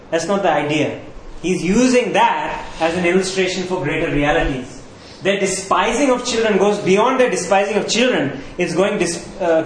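A man's voice: fairly high pitch, a little hiss or hum. A man preaching a sermon as pastor in a conversational, earnest way, often checking in with the listeners. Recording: roomy echo.

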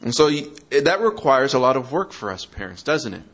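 Preacher, male, mid-pitched, teaching parents, interactive, mocks excuses. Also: sing-song, a little fast, fairly bright tone. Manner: interactive, asks the audience questions; acts out quoted excuses in a mocking tone. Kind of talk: sermon.

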